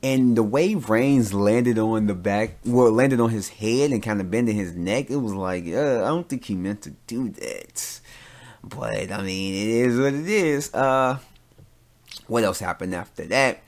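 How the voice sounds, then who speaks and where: Lower-voiced man ranting on a podcast. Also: unhurried. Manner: animated ranting with many fillers and restarts. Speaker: podcast host; father. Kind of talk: casual solo podcast commentary.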